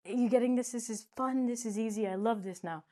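A woman teaching an English pronunciation lesson in a playful, chatty way, now loud, now soft. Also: on the high side, a little fast. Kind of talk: casual spoken lesson.

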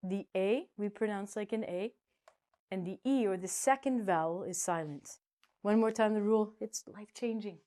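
A woman teaching English pronunciation to learners in a playful, animated way, with sudden high squeals and drawn-out words. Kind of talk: playful ESL pronunciation lesson.

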